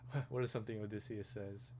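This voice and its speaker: A man rambling through a casual monologue, thinking aloud and musing to himself with soft chuckles. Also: fairly low pitch, background noise. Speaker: vlogger.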